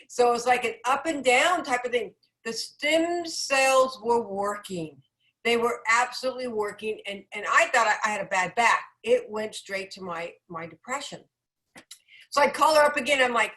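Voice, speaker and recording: Bright, chatty woman giving a testimonial. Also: fairly high pitch, moderate pace, rough recording. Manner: chatty, emphatic, laughs often. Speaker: product user sharing her experience. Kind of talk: casual testimonial chat.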